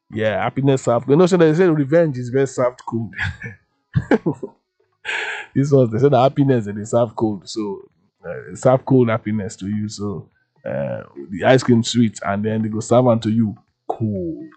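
A man with a Nigerian Pidgin English accent, hosting a radio show in a relaxed, chatty way. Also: on the high side. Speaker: radio host. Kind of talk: casual radio chat. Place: radio studio.

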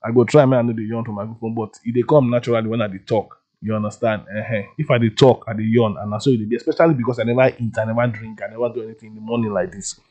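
A man with a Nigerian Pidgin English accent, hosting a radio show in a relaxed, chatty way. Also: lowish voice, rapid-fire, hardly any pauses, dull audio. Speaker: radio host. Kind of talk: casual radio chat. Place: radio studio.

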